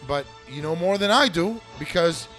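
A man's voice: fairly high pitch, moderate pace, faint music behind. A man hosting a fantasy football league recap, talking casually with sarcastic, profanity-heavy rants about the teams and players. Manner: animated, swears a lot, sarcastic rants. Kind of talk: casual profane sports commentary.

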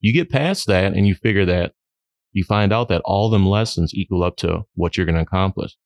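A middle-aged man, a podcast guest, telling stories in a lively way, laughing often and acting out his friends' lines. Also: low voice, fairly quick, no echo. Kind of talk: storytelling in a podcast interview.

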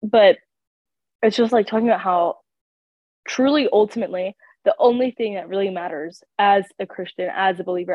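This time the faith podcast co-host, a young woman, speaks at medium pitch with no echo. She comes across congested and ill, meandering with lots of filler words, and the dry recording has a tinny, phone-like quality.

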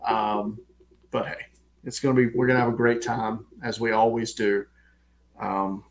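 A man's voice: on the low side, measured pace. Man, Southern US accent, podcast co-host, laid-back sports talk, filler-heavy. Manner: relaxed, many fillers. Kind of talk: casual sports chat.

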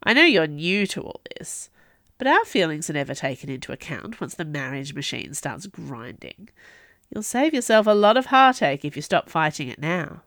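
A woman's voice: deep voice, sing-song, normal speed, a bit bright, dry recording, studio quality, exaggerated voice. A woman playing a smug, flirtatious prince. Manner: smooth, self-assured.

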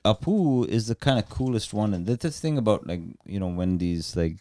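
Deep-voiced man bantering bluntly. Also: animated, moderate pace, mellow, dry recording. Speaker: podcast co-host. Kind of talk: casual chat.

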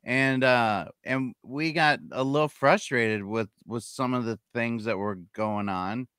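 A man guest in casual conversation, talking in a halting way with many restarts. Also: medium pitch, fairly bright tone, smooth, no room sound, studio quality.

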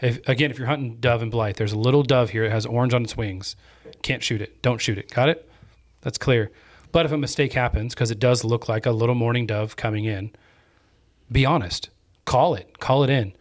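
A man hosting a podcast and telling a story in an energetic, chatty way. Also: mid-range voice, a little fast. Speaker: podcast host. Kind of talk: casual storytelling chat.

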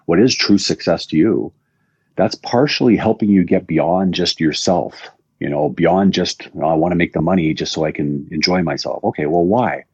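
A man's voice: deep voice, warm tone, breathy edge, no echo. A man, a recovery coach being interviewed, telling a long story in a rambling casual way and often repeating words. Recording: dull dry lo-fi audio.

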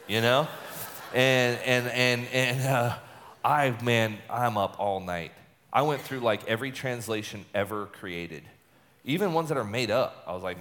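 A man tells a personal testimony in an animated way and slips into the voices of the people in it. His voice sits in a middle pitch. A long reverb trails behind each phrase, as in a large hall. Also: moderate pace. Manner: animated storytelling, acts out quoted dialogue. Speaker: speaker telling a personal story.

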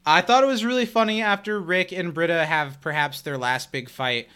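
A man's voice: fairly high pitch, normal speed, pushed and bright, clear, resonant tone. A man co-hosting a podcast, chatting casually about a TV episode and laughing easily. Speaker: podcast co-host.

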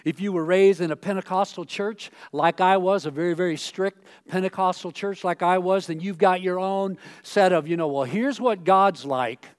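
Male pastor, high voice, casual sermon, bursts of loud acted-out quotes. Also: steady tone, moderate pace, few pauses, clean tone. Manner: conversational, acts out quoted voices with sudden loud outbursts. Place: church stage.

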